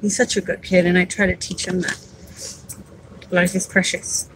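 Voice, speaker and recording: A woman's voice: on the low side, level tone, moderate pace, noisy background. A woman and caregiver advocate talking casually on a livestream, heartfelt and rambling, repeating words as she goes.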